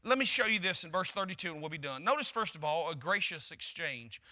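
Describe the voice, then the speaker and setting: A man's voice: on the high side, lively intonation, brisk, bright, forceful tone. A man preaching a sermon to his church, building emphasis through repeated phrases. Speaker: pastor.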